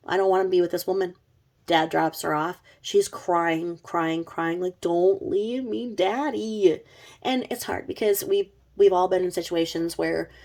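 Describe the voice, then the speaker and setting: A woman's voice: mid-range voice, creaky, darkish tone. A middle-aged woman telling a true crime story in a chatty, sarcastic vlog style with blunt asides. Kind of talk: casual vlog narration.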